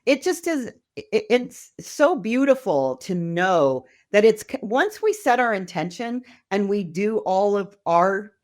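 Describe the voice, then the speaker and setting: A middle-aged woman, a wealth mentor appearing as a podcast guest, chats casually and enthusiastically in a conversational interview, often acting out quoted voices. Her mid-range voice is sing-song, unhurried, and a little mellow.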